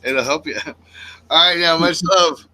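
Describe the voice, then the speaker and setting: Brief: male co-host, easygoing profane banter, bright forceful voice. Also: a little high, unhurried, rough recording. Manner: laid-back, laughing, profane. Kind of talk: casual banter on a livestream show.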